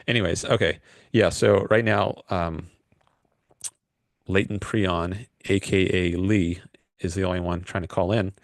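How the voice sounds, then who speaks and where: A man's voice: low voice, fairly even intonation, unhurried, dry recording, clean studio sound. A man hosting a call-in livestream, rambling and hesitant with lots of fillers. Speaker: livestream host taking calls. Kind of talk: casual livestream chat.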